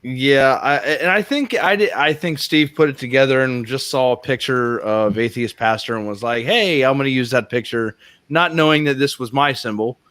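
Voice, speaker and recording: A man's voice: mid-range voice, normal speed, few pauses, fairly bright tone, dry recording. A man in a casual group chat telling a candid story, swearing casually. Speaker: chat guest.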